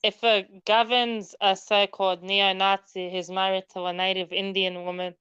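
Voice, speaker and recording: A woman's voice: medium pitch, flat delivery, fairly bright tone, clear, resonant tone, no room sound, highs cut off. A woman in casual podcast chat who stumbles and restarts her sentences as she brings up topics. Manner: halting, stammers and restarts.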